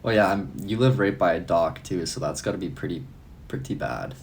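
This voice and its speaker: Brief: young man, slightly low voice, relaxed profane live-stream chatter. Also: brisk, vocal fry, noisy background. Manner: loose, profane, laughs often. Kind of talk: casual live-stream chat answering comments.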